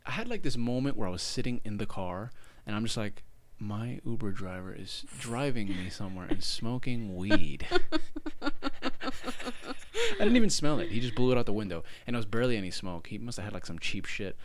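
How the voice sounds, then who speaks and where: This young podcast co-host has a medium-pitched voice and talks fast, though he leaves long pauses. Telling a story in a loose, chatty way, he curses freely and performs other people's lines with real animation.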